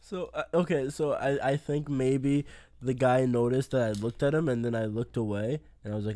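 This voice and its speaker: A young man in casual podcast chat, telling animated stories and breaking into laughter. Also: medium pitch, fairly quick, no echo.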